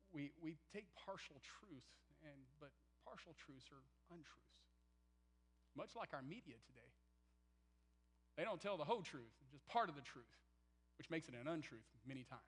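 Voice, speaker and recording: A man preaching a sermon, swinging from loud, emphatic passages to near-whispered ones and acting out the quotes he reads. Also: on the high side, rough recording. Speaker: pastor.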